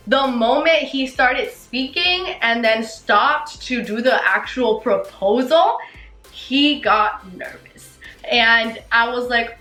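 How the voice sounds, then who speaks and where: A young woman telling her story to camera in a casual, excited and gushing way, full of "you know" and "like". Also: sits high, roomy sound, low-quality recording. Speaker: vlogger.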